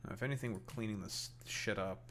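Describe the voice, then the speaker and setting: A Canadian man with a Canadian English accent streams a game, chatting casually as he plays. His lowish voice is fairly bright and a little fast, with slight background noise, and he rambles and swears offhandedly.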